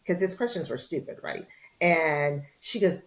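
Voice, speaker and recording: A woman's voice: sits low, moderate pace. A woman journalist, a podcast guest, telling a story casually and acting out the dialogue she quotes. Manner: lively storyteller who acts out quoted dialogue.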